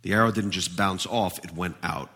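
Brief: male pastor delivering a sermon, emphatic and lively, bright tone, reverberant sanctuary. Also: deep voice, normal speed, slightly rough. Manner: emphatic, animated preaching.

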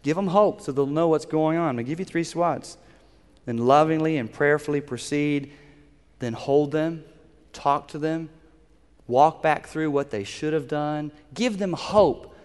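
A man's voice: fairly high pitch, a little slow, darkish tone, clear, resonant tone. Earnest male pastor in a reverberant hall. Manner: earnest, instructive, pleading. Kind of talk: sermon.

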